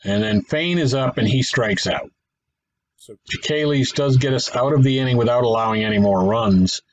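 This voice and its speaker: A man's voice: mid-range voice, moderate pace, slight background noise, poor audio. Man thinking aloud over a baseball sim. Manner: thinks aloud, self-correcting, wry asides. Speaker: gaming channel host. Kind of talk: casual play-by-play commentary of a tabletop baseball sim.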